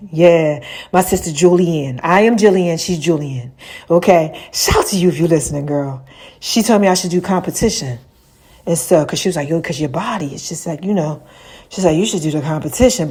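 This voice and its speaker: A woman hosting her own podcast, talking casually and chattily with slang, swinging between loud laughing bursts and low murmurs. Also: slightly rough. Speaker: podcast host. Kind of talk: casual rambling monologue. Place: room with lights and a mirror.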